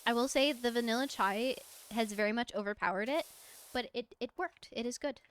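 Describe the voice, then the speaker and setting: Chatty American woman streamer, slightly high voice, casual and giggly. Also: a little fast, a little hiss or hum. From United States. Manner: chatty, rambling storyteller who laughs often. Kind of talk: casual stream chat while gaming.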